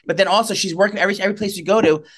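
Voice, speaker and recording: Fast-talking, excitable man co-host. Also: high-pitched. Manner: rapid, excitable storytelling full of fillers. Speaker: podcast co-host. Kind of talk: casual gossipy chat.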